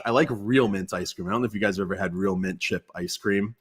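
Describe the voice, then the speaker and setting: A man hosting a casual live-stream Q&A from an indoor desk mic, chatty and relaxed, with many fillers and restarts. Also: fairly low pitch, quick pace, few pauses, slightly rough. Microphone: external mic at home computer.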